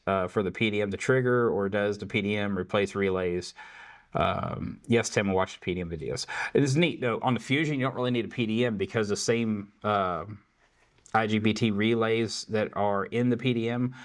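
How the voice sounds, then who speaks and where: A man hosting a casual tech Q&A, answering viewer questions in a loose, chatty way full of fillers. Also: lowish voice. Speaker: tech support host. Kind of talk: casual Q&A livestream.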